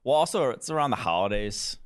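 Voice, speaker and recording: A man's voice: mid-range voice, very animated, fast talker, clear, resonant tone. A man co-hosting a podcast, dropping in dry comments during a casual chat. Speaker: podcast co-host.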